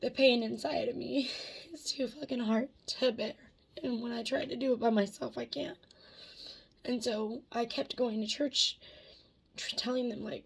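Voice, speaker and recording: A woman's voice: on the high side, fairly even intonation, moderate pace, vocal fry, breathy edge. A woman vlogger in a casual confessional talk, candid and rambling, swearing freely and laughing between thoughts.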